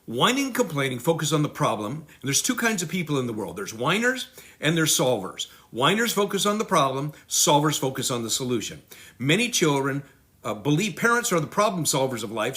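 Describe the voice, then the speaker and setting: A middle-aged man giving a parenting lesson, acting out children and parents in quick voices. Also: fairly high pitch, big pitch swings, a bit bright. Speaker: parenting teacher. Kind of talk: teaching talk.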